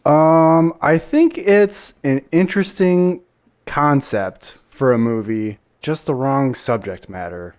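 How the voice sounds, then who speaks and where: A man's voice: fairly high pitch, takes it slowly, a little mellow, clear, resonant tone. A man co-hosting a movie podcast in casual chat, blunt and repeating his points with many fillers. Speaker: podcast co-host.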